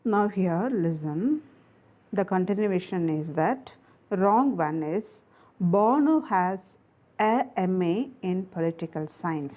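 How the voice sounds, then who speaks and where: Slow-talking woman teaching grammar. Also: fairly low pitch, animated. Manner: slow, repetitive explaining with many fillers and restarts. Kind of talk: online grammar lesson. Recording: phone-like narrow sound.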